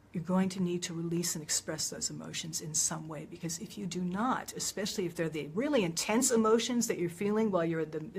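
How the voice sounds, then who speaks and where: A woman speaking gentle guidance straight to the viewer, often dropping into a near whisper and growing more emphatic at times. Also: fairly low pitch, husky. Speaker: speaker of a public service video. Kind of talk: soothing spoken guidance to the viewer.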